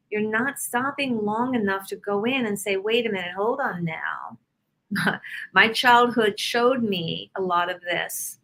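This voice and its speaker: Brief: interview guest, woman healer, bright forward tone, animated storyteller. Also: medium pitch, low-quality recording. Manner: animated storyteller, explains with examples. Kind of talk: casual interview talk.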